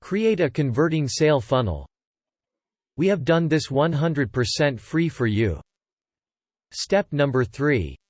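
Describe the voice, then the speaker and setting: A man giving scripted tutorial narration, reading plain instructions in short even sentences. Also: on the high side, measured pace, no room sound. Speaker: online marketing tutor.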